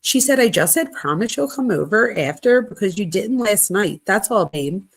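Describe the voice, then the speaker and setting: A woman hosting a true crime channel, reading text messages aloud in a plain conversational voice with quick asides. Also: mid-range voice, lively intonation, husky.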